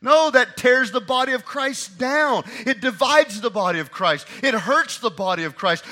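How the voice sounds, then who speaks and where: A preacher, a man, delivers his sermon with great emphasis, repeating phrases to drive them home. His voice sits high and rings very bright. He swings between quiet, low-spoken lines and shouted climaxes.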